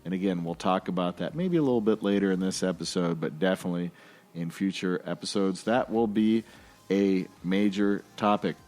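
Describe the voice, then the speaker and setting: A man's voice: low-pitched, normal speed, darkish tone, faint music behind. A man hosting a podcast alone, talking in a casual, jokey and rambling way. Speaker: podcast host.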